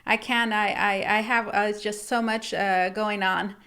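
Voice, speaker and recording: A woman's voice: mid-range voice, fairly even intonation, measured pace, sharp tone, clean tone. A woman voicing a tired homebody who stammers out excuses on the phone. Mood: flustered. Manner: flustered and stammering.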